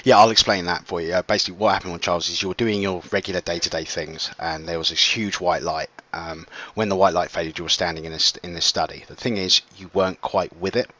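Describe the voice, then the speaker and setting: Low male game master, bright and pushy in tone, meandering narration full of ums, muffled mic. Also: fairly even intonation, fast talker, few pauses. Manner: rambling, lots of ums and restarts. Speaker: dungeon master.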